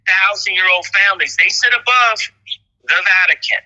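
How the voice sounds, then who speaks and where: A man's voice: sits high, normal speed, bright, forceful tone, muffled recording. A man talking casually in an online audio room, rambling and breaking into long laughing fits. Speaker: guest speaker. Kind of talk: casual chat.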